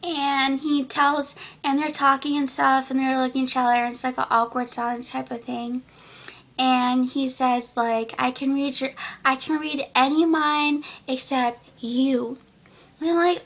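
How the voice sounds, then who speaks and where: Giggly high-voiced teen girl vlogger. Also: steady tone, moderate pace, fairly bright tone. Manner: giggly, rambling, lots of "like". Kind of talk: casual movie recap.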